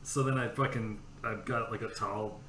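Podcast host, male, low and piercingly bright, casual profane storyteller, echoey room. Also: fairly even intonation, moderate pace, slight background noise. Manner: profane, rambling anecdotes.

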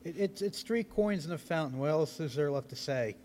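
A man's voice: fairly high pitch, expressive, brisk, a little mellow, a little hiss or hum. A man on a podcast panel in casual chat, sharing trivia with a dry sense of humor.

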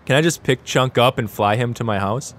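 A man playing a tabletop role-playing game, with a dry, deadpan delivery. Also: medium pitch, brisk. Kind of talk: casual tabletop role-play chat.

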